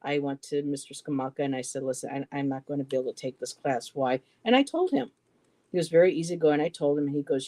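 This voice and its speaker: A middle-aged man telling a personal story in a halting way, repeating words and quoting what others said. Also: fairly high pitch, darkish tone. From western New York, US. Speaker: poetry show co-host.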